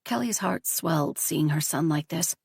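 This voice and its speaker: A woman narrating a story in a steady, even audiobook reading. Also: low-pitched, normal speed, vocal fry, slightly rough, dry recording, clean studio sound.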